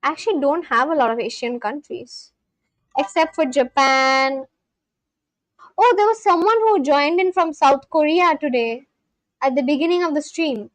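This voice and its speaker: A woman's voice: sits high, moderate pace, dry recording, low-quality recording. A young woman chatting casually on a livestream, gushing and exclaiming often as she reacts to viewers.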